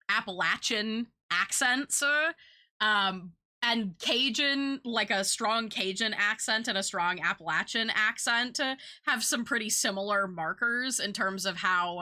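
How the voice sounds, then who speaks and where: A woman's voice: mid-range voice, pushed and bright. A young woman streaming, chatting casually with her viewers in a rambling, talkative way and swearing now and then.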